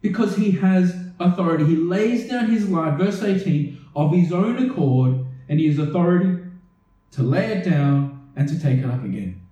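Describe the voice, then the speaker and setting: A man's voice: on the high side, lively intonation, normal speed, dark tone. A man preaching a sermon earnestly, asking the listeners question after question. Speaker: pastor. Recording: echoey room, voice from a distance.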